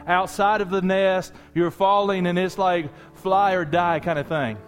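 A man preaching a sermon as pastor, animated and conversational, talking straight to his congregation with asides and jokes. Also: high-pitched, measured pace, slight background noise.

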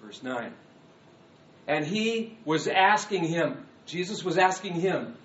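A man preaching a sermon, animated, moving between hushed asides and loud dramatic readings. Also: a little high, slow. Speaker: pastor. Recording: echoey room, distant mic, dull sound.

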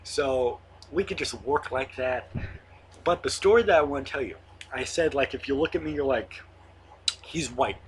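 A man's voice: medium pitch, moderate pace, background noise. A young man in his late teens hosting his own online show, rambling casually with lots of fillers and the odd swear word. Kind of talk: casual monologue to camera.

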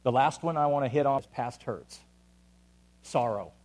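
A man preaching a sermon as pastor to a congregation, swinging between loud urgent calls and quiet, intimate asides. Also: mid-range voice, animated, normal speed. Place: church hall with an audience.

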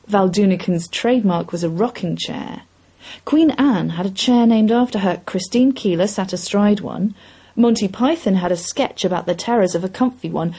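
A woman reading a short story aloud in an expressive, measured storytelling voice. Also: medium pitch, husky, low-quality recording. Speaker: reader. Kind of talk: scripted story narration.

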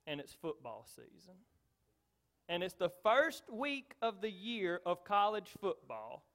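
A middle-aged man preaching a sermon as pastor, driving his points home with repeated phrases, swinging between loud stresses and quiet asides. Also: sits high.

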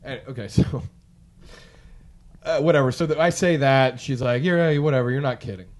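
A man's voice: medium pitch, normal speed. A man telling a long story in casual chat, rambling and profane, acting out what people said. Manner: rambling, profane, animated, acts out quotes. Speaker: podcast co-host telling a story.

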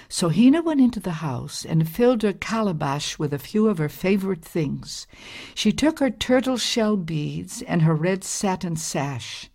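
A woman reads a storybook aloud in a calm, gentle, measured voice. Her voice sits low, and she takes an unhurried pace.

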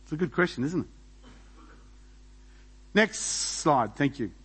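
Pastor guy preaching, lively, pitched a bit high, keeps chuckling between points. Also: slow, slightly rough, rough recording. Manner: animated preaching with rhetorical questions. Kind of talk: sermon.

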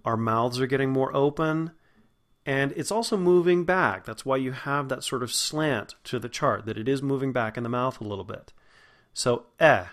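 A man's voice: mid-range voice, fairly bright tone. A man, hosting an acting podcast and patiently teaching vowel sounds. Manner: patient, instructive, demonstrates sounds slowly. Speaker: acting and dialect coach, podcast host. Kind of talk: spoken lesson on vowel sounds.

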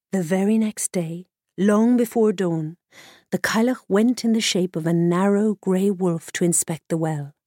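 A woman narrating a storybook folktale in a measured, expressive way. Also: on the low side, dry recording, studio quality. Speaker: audiobook narrator.

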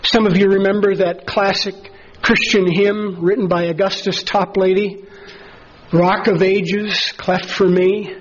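A man preaching a sermon as pastor, earnest and measured, slowing down to stress key phrases. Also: sits high, little pitch movement, highs cut off, a crowd in the background.

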